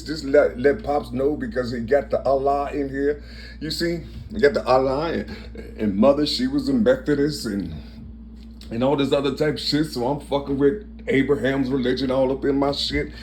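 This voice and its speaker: A man from Ohio talking in a digressive, repetitive monologue about his family names, often laughing. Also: mid-range voice. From Cincinnati, Ohio. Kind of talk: rambling personal monologue.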